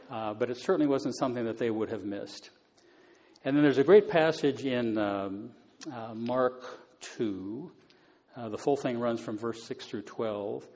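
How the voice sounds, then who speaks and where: A man explaining Bible passages in a relaxed, conversational teaching style, with many fillers. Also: medium pitch, in a large hall. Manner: conversational, many fillers, paraphrases scripture casually.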